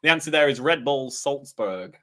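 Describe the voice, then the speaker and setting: A man's voice: medium pitch, animated, normal speed, fairly bright tone. A man hosts a live-stream quiz in an upbeat, chatty manner. He reads out questions, options and rankings in a mid-range voice. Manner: upbeat, chatty, laughs often. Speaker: quiz host.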